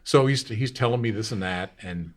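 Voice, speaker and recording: A man's voice: fairly low pitch, moderate pace. A man in his sixties, a radio host, telling long rambling anecdotes in casual talk. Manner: rambling anecdotal, acts out quotes. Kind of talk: casual storytelling.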